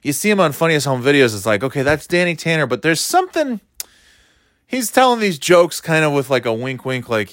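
A man, talking in a rambling, profane, animated way, dropping into quick impressions. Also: on the high side, no echo, clean studio sound. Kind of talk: casual comedic monologue.

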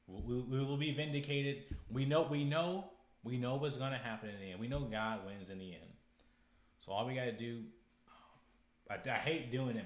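A man's voice: lowish voice, fairly bright tone, echoey room. A young married man hosting his own podcast, rambling and preachy, repeating his words as he gets heated. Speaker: podcast host. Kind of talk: casual podcast monologue.

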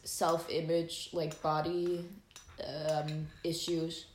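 A young woman hosting, telling a personal story casually, animated and full of fillers and swearing. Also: low-pitched, extremely slow, slight background noise. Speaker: host. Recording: echoey room.

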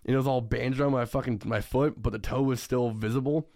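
A man's voice: medium pitch, steady tone, fast talker, a little mellow. A young man co-hosting a podcast, telling a story casually, swearing a lot and laughing often. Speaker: podcast co-host.

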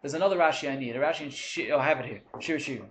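A man giving an animated Torah lecture, switching between English and Hebrew terms and acting out complaints. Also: on the high side, rapid-fire. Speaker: Torah teacher. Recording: echoey room with faint hum.

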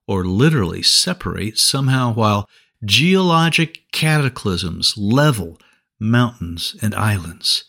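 A man's voice: medium pitch, very animated, takes it slowly, a bit bright. A man giving a Bible teaching, reading scripture aloud and then explaining it point by point. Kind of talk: sermon-style Bible teaching.

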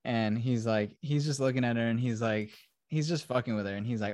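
A man's voice: mid-range voice, brisk, darkish tone, no room sound, clean studio sound. Profane, rambling young man. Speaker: podcast host. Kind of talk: casual chat retelling a film.

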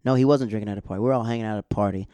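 Young male recap host, warm low-key voice, chatty and rambling, dry close sound. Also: racing, clear, resonant tone, no echo. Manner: rambling, chatty, self-correcting asides. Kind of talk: casual episode recap.

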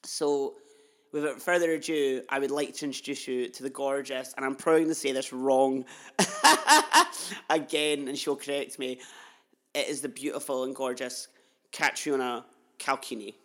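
A young man hosting a casual podcast interview, gushing and effusive, talking warmly about his guest. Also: medium pitch, moderate pace. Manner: gushing, effusive, laughs often. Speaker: podcast host.

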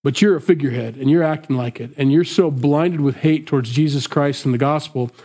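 A man's voice: a little high, brisk, dark tone. A man preaching a conversational sermon, explaining a scripture passage and acting out the people in it. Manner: conversational, acts out quotes. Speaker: pastor. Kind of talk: expository sermon.

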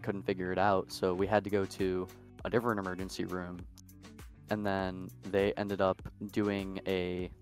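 A young man co-hosting a podcast, telling a long story in a casual, rambling way full of fillers. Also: sits low. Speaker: podcast co-host.

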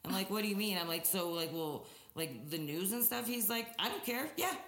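A woman in her forties tells stories on a podcast in a lively, animated way, swearing freely as she goes. Her voice sits a little low for a woman, and a roomy echo hangs around it. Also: fairly quick. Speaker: podcast co-host, former principal. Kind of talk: casual podcast chat.

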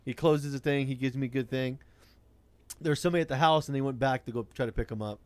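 A man's voice: mid-range voice, quick pace, a little mellow, dry recording. A man, telling a profane rideshare-driving story in casual chat. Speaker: rideshare driver.

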